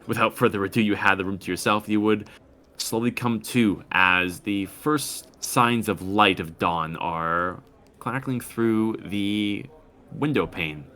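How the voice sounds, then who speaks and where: A man running a tabletop game, narrating the story in a measured, descriptive way with occasional pauses. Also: sits low, bright, forceful tone. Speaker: game master.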